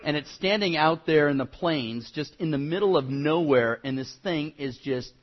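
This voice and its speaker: A man's voice: on the high side, moderate pace, dull audio. A male pastor preaching a conversational sermon in a church, folksy and joking with the congregation, with fillers and repeats.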